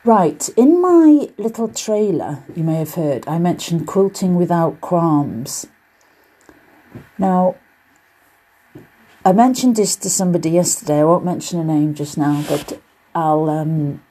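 A low-pitched, dark-toned, slightly rough voice belongs to a British woman who hosts a casual solo podcast on quilting and also teaches it. She speaks at a moderate pace, chatty and encouraging, drifting into loose asides.

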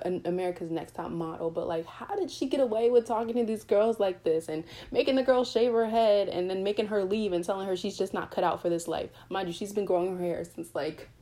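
A woman's voice: medium pitch, warm tone. A woman hosting a motivational faith podcast, talking earnestly and candidly. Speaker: podcast host.

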